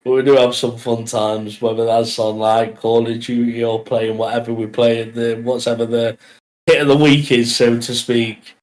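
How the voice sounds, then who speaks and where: A man's voice: medium pitch, little pitch movement, normal speed, a little mellow, rough recording. Chatty man podcast co-host. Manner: jokey, laughs often between lines. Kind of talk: casual podcast chat.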